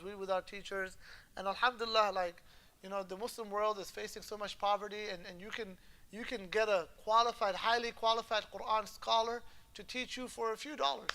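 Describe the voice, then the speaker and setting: His voice sits high and sounds sharp as he delivers a conversational lecture on Islamic law. Patient in his explanations, the man slips smoothly into Arabic terms and often asks whether his students understand.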